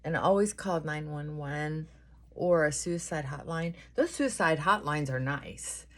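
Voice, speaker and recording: A woman's voice: low voice, unhurried. A middle-aged woman chatting earnestly and giving advice while doing her makeup.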